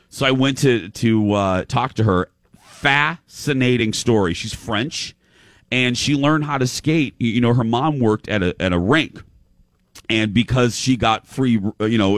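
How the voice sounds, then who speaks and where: A man hosting a show in casual chat, telling a story with quick restarts and quoting what others said. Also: medium pitch, dry recording, clean studio sound. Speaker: show host.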